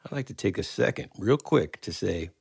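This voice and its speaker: Man, podcast co-host, rambling casual talk, very low, husky. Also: animated, moderate pace, no room sound, clean studio sound. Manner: rambling, searches for words, teasing.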